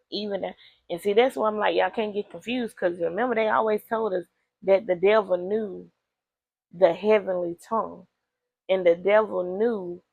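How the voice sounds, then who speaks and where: A woman with a gravelly, creaky voice riffs through a story in loose, slangy talk, addressing her listeners directly. Her voice sits at an ordinary pitch and sounds close and dry, with no room around it. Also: dry recording. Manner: animated, slangy, talks straight to listeners; laughs often. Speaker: host. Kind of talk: casual storytelling commentary.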